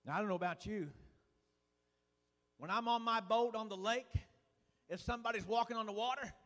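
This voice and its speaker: High pitched guy preaching, folksy and fired up, long echoey church reverb. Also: brisk. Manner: fervent, folksy preaching with frequent "uh" and sudden drops to a hush. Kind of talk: sermon. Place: church sanctuary.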